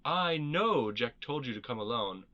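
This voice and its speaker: A man voicing a gruff, wary veteran male rebel leader in a storybook reading, talking in blunt, clipped and wry lines. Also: mid-range voice, lively intonation, a little slow, bright, forceful tone, lo-fi sound.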